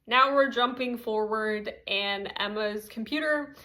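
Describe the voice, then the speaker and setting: Young woman, slightly high voice, chatty recap host with filler-heavy, giggly delivery. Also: measured pace, pushed and bright. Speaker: TV recap commentator. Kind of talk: casual TV recap commentary.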